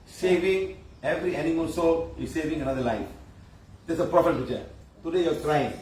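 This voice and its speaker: A man's voice: on the high side, fairly quick, darkish tone. A man, a spiritual healer talking informally to a live audience, telling stories animatedly, acting out quotes and asking rhetorical questions. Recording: echoey room, far from the mic, faint background hum.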